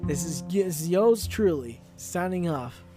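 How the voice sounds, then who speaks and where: A man's voice: animated, unhurried, music in the background. Rambling, hesitant male podcast host. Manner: rambling, hesitant, low-key. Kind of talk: casual rambling monologue.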